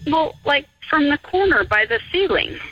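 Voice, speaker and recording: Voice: sits high, expressive, normal speed, no room sound, faint music behind, pitched above the performer's own voice. A caller voicing a small boy who earnestly reassures his mother, heard over a phone line. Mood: reassuring. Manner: gentle, earnest.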